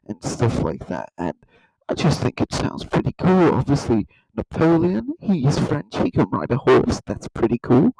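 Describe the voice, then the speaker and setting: A man giving a mock-earnest, rambling satirical countdown in a deadpan way. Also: mid-range voice, measured pace, gravelly, crowd noise, poor audio. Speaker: comedy YouTuber.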